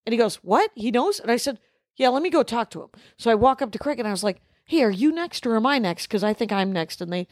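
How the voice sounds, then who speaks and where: A woman's voice: fairly high pitch, lively intonation, fast, dry recording, studio quality. A woman co-hosting a podcast, telling a rambling backstage story and acting out what people said in casual chat. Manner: rambling anecdotal delivery, acts out quoted dialogue. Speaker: podcast co-host.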